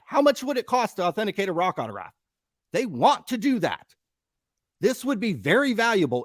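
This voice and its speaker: This podcast co-host has a high, fairly bright voice, captured studio-clean with no room sound. On a live show he launches into a heated rant, full of heavy profanity and worked-up, emphatic conviction.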